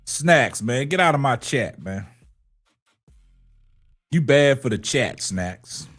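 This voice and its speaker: A man's voice: medium pitch, animated, takes it slowly, a bit bright, faint music behind. A man in his forties hosting a casual late-night live show, laid-back and chatty, tagging "man" onto his lines.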